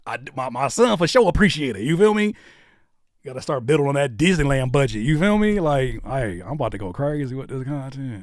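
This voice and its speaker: A man hosting a casual live stream, talking in an animated way that swings between loud outbursts and low muttering. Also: dry recording, studio quality. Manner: animated, quick shifts between shouting and muttering. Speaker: host of a live stream channel.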